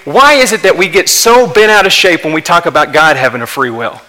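A man preaching a sermon as pastor, impassioned, building to emphatic peaks and then dropping quiet. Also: a little high, a little fast, low-quality recording.

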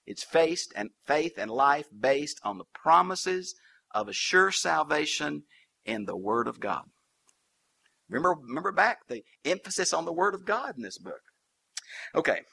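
A man's voice: a little high, very animated, a little slow, gravelly, sharp tone, husky. A man preaching a Bible teaching sermon, folksy and humorous with colloquial asides.

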